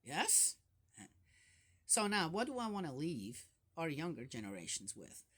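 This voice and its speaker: An older grandmother talks through scripture in a loose, conversational way, often checking in with rhetorical asides. Her voice sits fairly low but swings widely in pitch, giving her talk a lively, animated lilt. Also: measured pace, slightly rough. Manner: chatty, with frequent rhetorical "Yes?" and "Right?" asides; laughs often while talking. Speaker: Bible study host. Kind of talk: casual Bible commentary.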